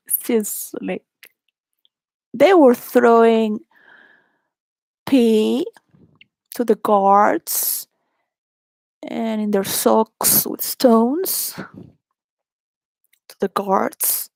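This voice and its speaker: Gravelly-voiced woman telling wild stories. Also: fairly high pitch, very slow, long pauses, a little mellow, no echo, studio quality. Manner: rambling, laughs often, frequent restarts. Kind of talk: candid personal storytelling.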